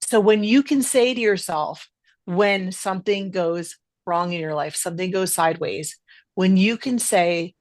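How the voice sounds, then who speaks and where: A middle-aged woman hosts a casual podcast conversation, her somewhat low voice emphatic as she stresses words. The sound is dry and close-miked, with no echo.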